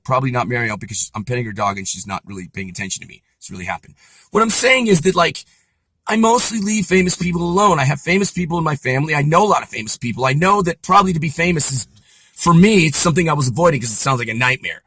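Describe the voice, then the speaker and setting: Rambling, bright-voiced male storyteller. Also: a little high, quick pace, breathy edge, no echo. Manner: rambling, animated, lots of asides. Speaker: vlogger. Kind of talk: casual storytelling monologue.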